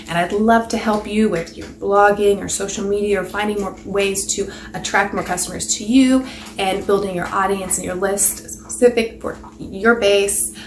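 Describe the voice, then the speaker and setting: A woman's voice: mid-range voice, slight background noise. A woman coaching business owners on blogging in a chatty, rambling, upbeat casual tutorial. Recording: roomy echo, faint ambience.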